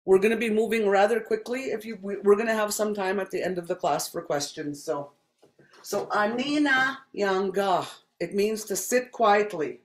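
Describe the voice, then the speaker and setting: A woman teaching a language class, saying each word several times slowly and clearly for learners. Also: medium pitch. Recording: echoey classroom.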